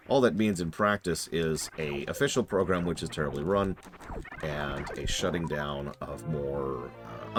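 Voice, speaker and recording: A man streaming live, casually answering chat questions in a rambling, self-deprecating way. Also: extremely low pitch.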